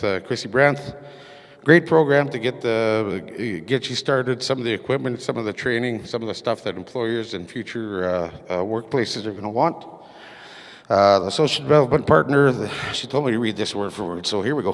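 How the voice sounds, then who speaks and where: Halting man reporting in an echoey hall. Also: mid-range voice, vocal fry. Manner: halting, many fillers, reads from notes. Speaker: council member giving a portfolio report. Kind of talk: community meeting report. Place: community meeting hall. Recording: echoey meeting hall reverb.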